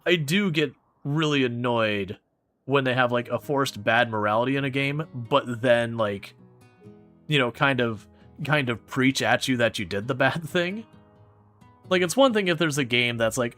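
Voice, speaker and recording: A man streaming a game and chatting with viewers in a rambling, animated way, often restarting his sentences. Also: mid-range voice, moderate pace, faint music behind. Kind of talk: casual gameplay commentary answering chat.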